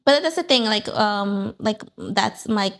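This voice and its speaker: A woman's voice: medium pitch, lively intonation, measured pace, creaky. A young woman in her twenties chatting casually, rambling with lots of filler words. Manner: rambling, lots of "like" and "you know". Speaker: guest. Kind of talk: casual chat.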